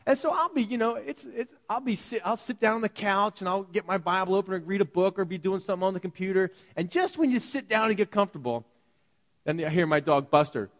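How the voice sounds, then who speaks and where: A man preaching a sermon to his congregation, telling stories in an animated way and acting out the voices of the people in them. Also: high voice, fast. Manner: animated storytelling, acts out quoted voices. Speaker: pastor. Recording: long hall reverb.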